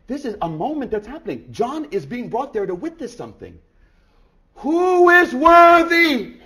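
A man preaching a sermon through a scripture passage, dropping to hushed tones and then building to loud, emphatic bursts, with repeated rhetorical questions. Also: medium pitch, creaky. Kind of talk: expository sermon reading from scripture.

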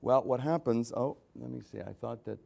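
A man preaching a sermon as a pastor, swinging between loud, emphatic repetition and quiet, conversational asides. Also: medium pitch, moderate pace, gravelly. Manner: repeats phrases for emphasis.

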